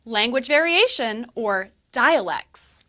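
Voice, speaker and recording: A woman playing a friendly English teacher in a scripted lesson video, explaining slowly and clearly. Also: fairly high pitch, animated, sharp tone, exaggerated voice. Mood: cheerful. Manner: slow, clear teaching delivery. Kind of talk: scripted educational dialogue.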